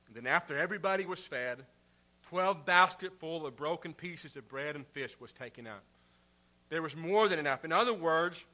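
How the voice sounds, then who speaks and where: Earnest male preacher, bright voice. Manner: earnest preaching, rising in emphasis then dropping low at phrase ends. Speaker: pastor. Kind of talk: sermon.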